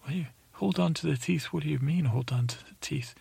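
Man doing a high puzzled version of himself. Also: brisk, creaky, a little mellow, husky, dry recording, heavily acted. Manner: bewildered questions, stammering. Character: the narrator's own younger self, puzzled and questioning.

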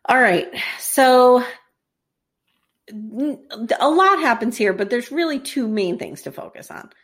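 Female co-host, slightly high pitch, lively recap style, acts out lines, casual profanity. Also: slow pace. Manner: animated storytelling, acts out quotes, swears casually. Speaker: podcast co-host. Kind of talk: casual chat recapping a TV series.

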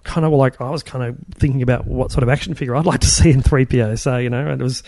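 Fast-talking gravelly man. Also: mid-range voice, steady tone, mellow, dry recording. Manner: rambling, many restarts and fillers. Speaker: guest, film puppet and props builder. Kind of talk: casual interview chat.

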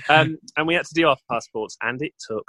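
A man's voice: a little high, fairly quick, no echo, low-quality recording. A man co-hosting alongside his wife, teasing and telling stories with lots of laughter. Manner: animated, teasing, laughs a lot. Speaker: co-host, presenter's husband. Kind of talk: casual chat interview.

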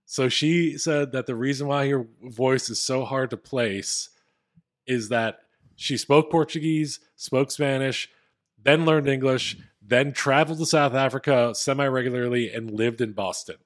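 A man's voice: mid-range voice, a little slow. A man co-hosting a casual podcast, retelling a story with plenty of fillers. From Philadelphia area. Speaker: podcast co-host.

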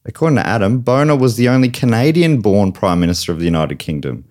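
A man with an Australian accent hosting a comedy game show podcast, playful and quick to laugh. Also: on the low side, animated, a little mellow. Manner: playful, laughs often, teasing.

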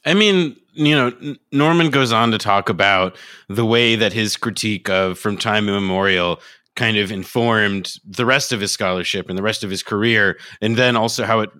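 A man co-hosting a podcast, riffing in a deadpan, mock-serious way. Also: fairly low pitch, moderate pace, no echo, studio quality. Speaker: podcast co-host. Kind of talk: casual chat.

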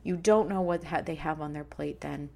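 A woman's voice: low-pitched, normal speed, creaky, darkish tone. A middle-aged woman hosting a personal podcast, talking earnestly and emotionally about kindness and her children. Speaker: podcast host.

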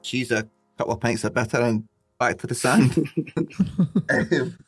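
A man's voice: mid-range voice, lively intonation, a little slow, breathy edge, faint music behind. A man co-hosting a podcast, trading jokes and laughing often as he chats. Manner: jokey, laughs often, swears. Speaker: podcast co-host. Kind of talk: casual banter.

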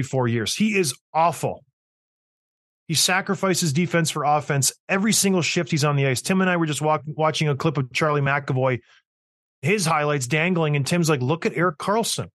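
A man's voice: a little high, a bit bright, dry recording, studio quality. Ranting man with a raised voice. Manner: blunt, emphatic, ranting and teasing. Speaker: podcast host. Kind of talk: casual opinionated rant.

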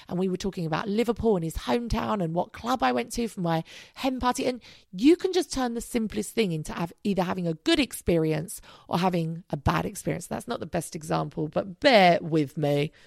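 A woman's voice: medium pitch, animated, brisk, a little mellow, dry recording, clean studio sound. A woman in her thirties hosting a podcast, talking casually and upbeat, swearing now and then and rambling off track. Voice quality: gravelly vocal fry. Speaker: podcast host. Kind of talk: casual solo podcast monologue.

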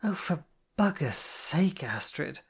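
A brash, foul-mouthed young woman who bosses and teases, pitched up high with lively, swooping inflection, as a narrator puts her on. Her voice has a gravelly edge under the bluntness. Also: moderate pace. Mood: exasperated. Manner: loud, teasing, blunt.

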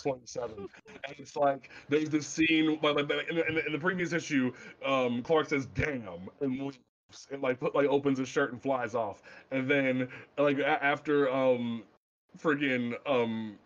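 A man co-hosting a casual comic book podcast, animated and swearing freely as he recaps scenes. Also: a little slow, muffled recording. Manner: animated, swears freely, acts out quotes in a low voice. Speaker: podcast co-host.

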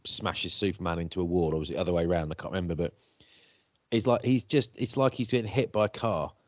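A man co-hosting a casual podcast as a rugby commentator, telling stories with lively exclamations. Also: sits low, fast talker, muffled recording. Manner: animated, swearing storyteller. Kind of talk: casual chat.

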